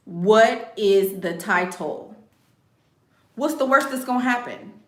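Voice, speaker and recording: A woman's voice: mid-range voice, slow, roomy sound. A woman hosting a casual livestream, giving blunt advice in a sassy, joking way and laughing often.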